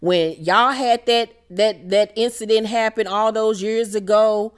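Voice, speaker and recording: A woman's voice: medium pitch, fairly even intonation, a little slow, smooth. A young woman hosting a casual reality TV recap, blunt and emphatic, swearing freely.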